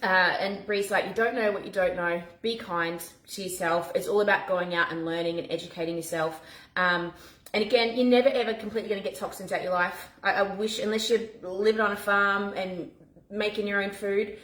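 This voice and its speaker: A woman, chatting casually to camera as a mum vlogger, animated and talking in quick bursts with restarts. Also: medium pitch. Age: 40s. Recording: echoey room.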